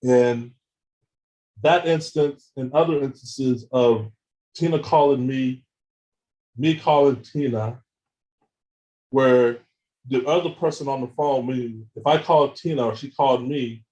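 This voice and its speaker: A man giving a seminar talk with slides, retelling events in an animated way, acting out phone calls and often repeating words as he goes. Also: mid-range voice, measured pace, pauses often, rough recording. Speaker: seminar speaker.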